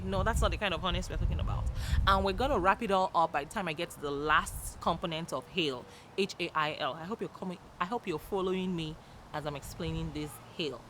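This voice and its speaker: A woman's voice: fairly quick, low-quality recording. Upbeat chatty woman, traffic noise behind. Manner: chatty and upbeat, laughs often, jumps into loud high greetings. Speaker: motivational YouTuber. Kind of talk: motivational talk to camera.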